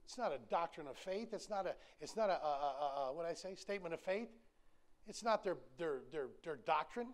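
A man's voice: fairly high pitch, lively intonation, fairly quick. A man, preaching a sermon in an emphatic, folksy, repetitive way with touches of humor. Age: 60s. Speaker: pastor.

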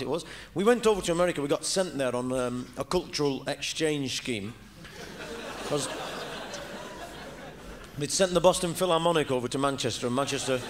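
A man's voice: fairly high pitch, background noise. A man with a Northern English accent doing a rambling, chatty live stand-up monologue in front of an audience. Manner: rambling, chatty storytelling with asides. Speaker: comedian.

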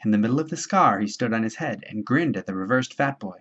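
A man reading a novel aloud in a measured, steady storytelling voice. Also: mid-range voice. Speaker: audiobook reader. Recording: dull lo-fi home recording.

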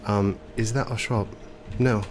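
A man's voice: on the low side, steady tone, a little slow, over music. A man with a stuffy, congested nose, commentating a video game in a put-on English accent and hesitating with ums and self-corrections. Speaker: let's play host.

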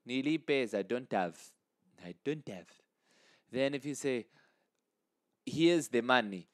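Man from Zambia, casual tutor, smooth clear voice, dry close mic, spells out phrases slowly. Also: fairly bright tone, no room sound. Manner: repeats phrases slowly, rising pitch on quoted lines. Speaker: language teacher. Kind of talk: casual language lesson.

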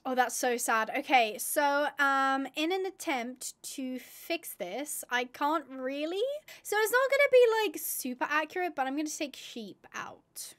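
A woman's voice: high voice, unhurried, hardly any pauses, fairly bright tone. A young woman chatting casually through gameplay as a video host, rambling with fillers and self-corrections. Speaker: gaming YouTuber.

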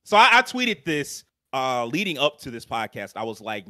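A young adult man co-hosting a podcast in casual chat, animated and swearing freely with lots of fillers. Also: medium pitch, normal speed, few pauses, dry recording. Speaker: podcast co-host.

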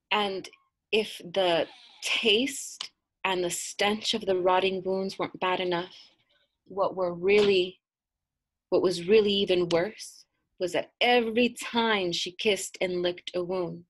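A middle-aged woman and midwife telling a folk tale aloud, in a hushed, drawn-out way with dramatic pauses. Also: fairly low pitch, poor audio. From US-Mexico border region. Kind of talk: oral storytelling.

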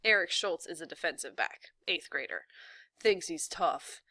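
A woman reading a novel aloud in a steady, even narration. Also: fairly low pitch, normal speed, dry recording, studio quality. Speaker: reader.

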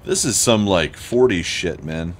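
A man's voice: sits low, expressive, measured pace, a little hiss or hum. A young man commenting casually on his gameplay, thinking aloud and swearing often. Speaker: let's play gamer.

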